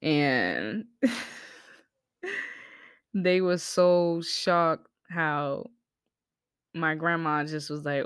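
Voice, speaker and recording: A woman's voice: low-pitched, expressive, very slow, pauses often, a bit bright, smooth, dry recording, clean studio sound. A woman from the American South with a Southern accent, telling blunt, profane stories as a podcast host. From Southern United States. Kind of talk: candid storytelling monologue.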